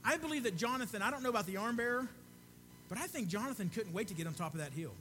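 Guy preaching, high bright voice, earnest and chatty, goes soft and hushed a lot. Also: expressive, fast talker, slight background noise. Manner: earnest, conversational, drops to a soft hush. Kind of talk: sermon.

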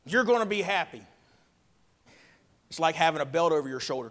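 A man, a pastor preaching a sermon with emphatic swings between loud and quiet. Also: fairly high pitch, animated, brisk. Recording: long reverb of a hall.

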